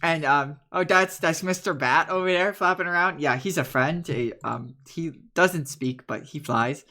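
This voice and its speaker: A man with a fairly high, sharp voice plays a shy, eager young man in a tabletop game. Bashful, the character stammers and halts while introducing his friends.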